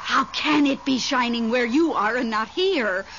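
An actress playing a nervous, devoted middle-aged widow in a 1970s radio drama, fretful and excitable. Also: female voice, on the high side, unhurried. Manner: fretful, excitable, talks on the phone. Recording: dull vintage radio broadcast, faint hiss.

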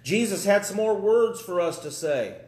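Guy preaching live, chatty and dry, kinda high voice, echoey church. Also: animated, normal speed, darkish tone. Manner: folksy, conversational storytelling with dry humor. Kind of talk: live sermon.

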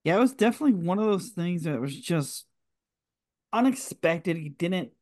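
A man's voice: high voice, animated, moderate pace, a little mellow. A man hosting a wrestling talk show, chatting casually and correcting himself mid-sentence. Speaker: show host.

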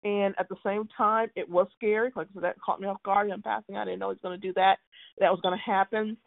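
A woman co-hosting a casual podcast about a soap opera talks fast and emphatically, sounding exasperated and often restarting her sentences. Her medium-pitched voice has fairly even intonation and vocal fry, and the dry recording sounds tinny, like a phone.

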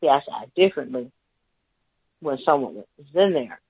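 A man's voice: mid-range voice, expressive, moderate pace, creaky, breathy edge, no room sound. A man calling in to a talk show, telling a story in a rambling, hesitant way. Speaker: caller. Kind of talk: call-in talk radio account. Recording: tinny phone line, dry.

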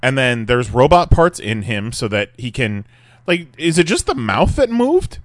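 A man's voice: mid-range voice, sing-song, a little slow, dry recording. A man co-hosting a podcast in casual chat, rambling with many fillers and restarts. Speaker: podcast host.

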